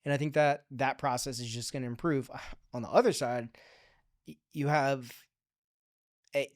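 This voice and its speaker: A man with a smooth, resonant voice speaks as a guest on a casual podcast. He thinks aloud in long, upbeat runs, full of fillers and restarts, and the sound is close and dry. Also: medium pitch, steady tone, moderate pace, dry recording. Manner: upbeat and forward-looking. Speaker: podcast guest, digital strategy manager.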